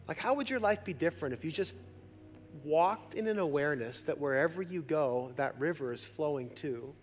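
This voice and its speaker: A man pastor preaching a sermon, shifting between loud emphatic peaks and hushed, slow appeals to the congregation. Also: fairly high pitch, animated, long reverb tail.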